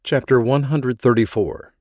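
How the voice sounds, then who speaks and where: A man's voice: mid-range voice, normal speed, a little mellow, no echo, clean studio sound. Man reading an audiobook. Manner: reads the story, giving characters voices. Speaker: audiobook narrator. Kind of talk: scripted narration.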